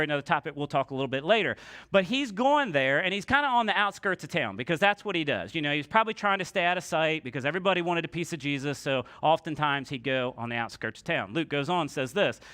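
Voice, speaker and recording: Bright, high-voiced male pastor. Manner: conversational, acts out voices of people in the story. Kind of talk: casual sermon. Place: church.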